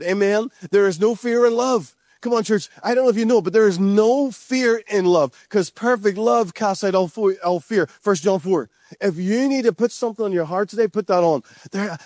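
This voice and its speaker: A man's voice: high voice, darkish tone, dry recording, clean studio sound. A man preaching a sermon to his church in a fervent, conversational way, often restarting phrases and calling out to the congregation. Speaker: pastor.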